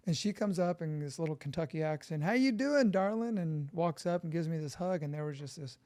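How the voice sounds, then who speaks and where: A middle-aged man from California, a podcast guest, telling his story in an animated, profane way and acting out quotes. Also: a little high, fairly quick.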